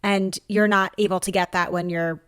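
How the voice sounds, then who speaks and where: A woman therapist co-hosting a podcast, speaking in a thoughtful, analytical, measured way. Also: mid-range voice, fairly even intonation, fairly bright tone, smooth, dry recording, studio quality. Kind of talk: casual chat.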